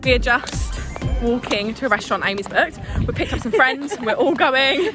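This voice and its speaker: Bubbly twenties woman vlogger, bright voice, crowd chatter around. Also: high-pitched, lively intonation, normal speed, music in the background. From England (Essex). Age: 20s. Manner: bubbly, chatty, laughs often. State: out of breath. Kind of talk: casual vlog chat.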